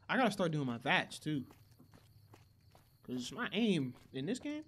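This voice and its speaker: Young dude cussing through his game, bright lively voice jumping around. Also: on the high side, unhurried, pauses often, husky. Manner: profane, excitable, reacts loudly to action. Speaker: gaming channel host. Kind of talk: casual gameplay commentary.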